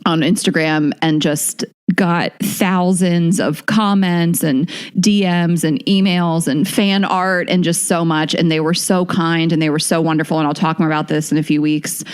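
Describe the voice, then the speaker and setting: Halting, low-voiced woman podcast host. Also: steady tone, clean tone. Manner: halting, emotional, with nervous laughs and restarts. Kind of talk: casual podcast chat.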